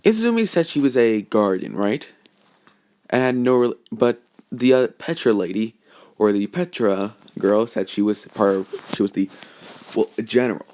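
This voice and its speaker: A man's voice: on the low side, animated, moderate pace, a little mellow. A young man narrating a fan story off the cuff, rambling with many fillers and self-corrections.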